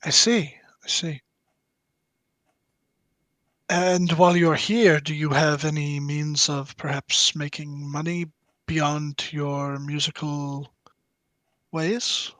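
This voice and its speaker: Smooth scheming noble guy, courteous, bright voice, dry close sound, a man doing it. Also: a little high, steady tone, dry recording. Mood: probing. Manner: measured, courteous and persuasive. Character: smooth, scheming male nobleman offering work.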